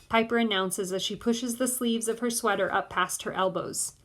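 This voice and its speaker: A woman narrating an audiobook in the first person of a boy, in a measured way. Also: mid-range voice, fairly even intonation, a bit bright.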